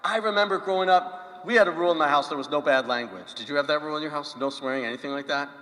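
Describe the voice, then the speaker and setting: A man's voice: a little high, very fast. A male priest giving a conversational homily, telling stories and asking the congregation questions. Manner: animated storytelling with questions to the congregation. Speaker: pastor. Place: church. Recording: long church reverb.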